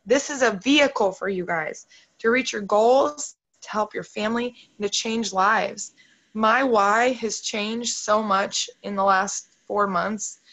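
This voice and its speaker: A woman with a gravelly, creaky edge to her voice leads a motivational video call. She is upbeat and openly emotional and keeps turning to the group. Her voice comes through a computer call mic. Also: mid-range voice, measured pace, a bit bright, poor audio. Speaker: team leader hosting a video call.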